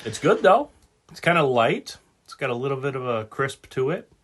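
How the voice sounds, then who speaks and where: A man hosting a casual podcast, jokey and animated, swearing casually as he talks. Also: mid-range voice, moderate pace. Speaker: podcast host.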